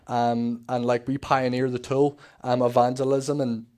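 A Northern Irish man shares his life testimony at a church service, his speech rambling and full of fillers and restarts. He sounds a little nervous, and his middle-pitched voice stays fairly flat in melody. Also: unhurried. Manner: rambling, many fillers and restarts, acts out quoted talk. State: a bit nervous. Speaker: church member giving testimony.

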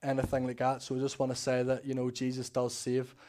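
A man's voice: mid-range voice, monotone, brisk, darkish tone. A man, an ex-prisoner giving an emotional, rambling faith testimony to a church congregation. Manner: rambling, emotional storytelling with restarts.

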